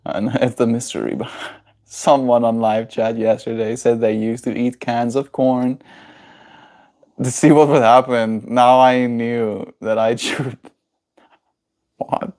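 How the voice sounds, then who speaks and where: A man's voice: medium pitch, little pitch movement, takes it slowly, pauses often, a little mellow. A man with a South African accent chatting casually on a livestream, rambling, chuckling often and reacting to viewers' comments. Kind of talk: casual live-stream chat.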